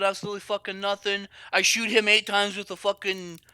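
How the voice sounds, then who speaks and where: Sharp-toned, profane gaming streamer man. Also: sits high, a little fast, smooth, dry recording. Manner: profane, excitable outbursts, rambling explanations. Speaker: game streamer. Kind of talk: live gaming stream commentary to chat.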